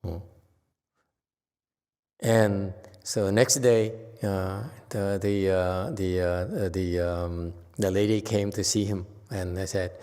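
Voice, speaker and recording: A lowish-voiced man with a Korean accent gives a dharma talk as a Zen master. He tells stories with chuckles and halting restarts. His voice rings out with a long reverb, as in a hall. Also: fairly even intonation, mellow, clean tone.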